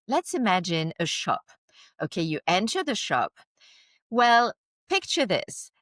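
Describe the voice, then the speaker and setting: A woman's voice: mid-range voice, a bit bright, dry recording. Woman guest explaining vividly, dry sound. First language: French. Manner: vivid, uses concrete scenarios. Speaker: podcast guest. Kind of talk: explanatory interview talk.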